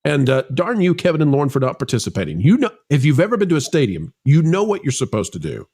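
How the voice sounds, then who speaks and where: A man's voice: fairly high pitch, quick pace, slightly rough. A man hosting a casual entertainment news podcast, joking with guests and reading headlines aloud. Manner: animated, jokey, reads headlines aloud. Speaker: podcast host.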